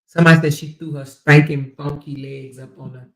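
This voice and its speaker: A woman's voice: low voice, level tone, a little fast, gravelly. A woman hosting a casual livestream, talking bluntly and mockingly to her chat viewers with plenty of profanity. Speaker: livestream commentary host.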